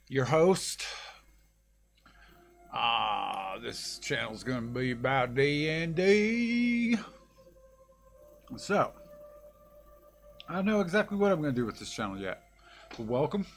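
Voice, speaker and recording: A man's voice: medium pitch, slight background noise. Laid-back man rambling as vlog host. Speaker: YouTube channel host. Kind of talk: casual vlog chat.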